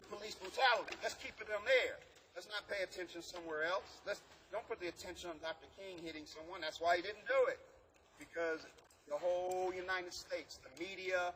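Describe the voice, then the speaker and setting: A man's voice: high-pitched, a bit bright, low-quality recording. A man mentoring a group outdoors, talking emphatically and drawing responses from his listeners. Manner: emphatic, calls for audience responses. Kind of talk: interactive workshop talk. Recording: outdoor noise with passing traffic.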